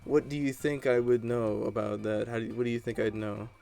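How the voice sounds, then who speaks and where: A man's voice: medium pitch, level tone, fairly quick, creaky, a little mellow, faint music behind. A man giving casual gameplay commentary, rambling and chatty as he tells stories while he plays. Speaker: gaming channel host.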